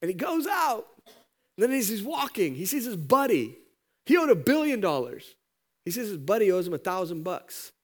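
A man preaching a sermon, his voice sitting a bit higher than most men's. He tells a parable with lively energy, jumping up in pitch whenever he acts out the characters, then dropping low and quiet for the serious points. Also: normal speed. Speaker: pastor.

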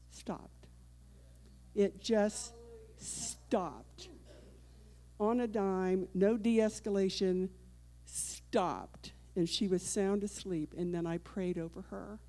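An older woman shares a testimony at church, with a warm, mellow tone. She tells the story earnestly and voices the people in it as she goes. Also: lowish voice. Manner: earnest storytelling with quoted dialogue. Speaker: church member giving testimony. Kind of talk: personal testimony.

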